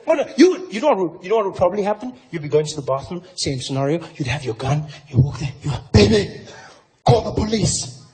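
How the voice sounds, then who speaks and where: A South African man doing stand-up comedy, telling a story in an incredulous, animated way on a large theater stage. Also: a little high, racing, few pauses. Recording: roomy venue with crowd noise. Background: audience laughter and noise.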